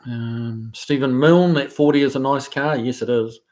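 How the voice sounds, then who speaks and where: A man's voice: mid-range voice, fairly even intonation, moderate pace, darkish tone. New Zealand man chatting casually on a live stream. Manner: reads viewer comments aloud and answers them loosely, with many fillers and restarts. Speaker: host of a live stream reading chat.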